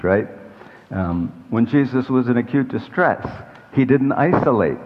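A man's voice: mid-range voice, slight background noise. A man in his sixties preaching a sermon in a conversational, rambling way, with self-deprecating asides. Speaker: pastor. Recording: echoey hall, dull lo-fi sound.

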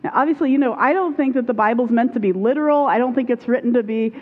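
A woman's voice: on the high side, fast talker. A woman pastor giving a conversational sermon to her congregation. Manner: conversational, uses fillers like right and like. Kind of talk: sermon teaching. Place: church sanctuary. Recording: muffled sound with long hall reverb.

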